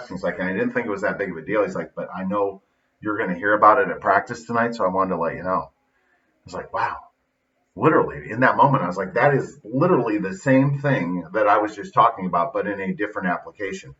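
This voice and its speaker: Here the same middle-aged man, a podcast host and youth football coach, speaks in a fairly low pitch with a sharp edge. His motivational monologue stays casual, blunt and folksy, full of retold stories and quoted lines. Sound quality is dull lo-fi, picked up from a distant, slightly off-mic position.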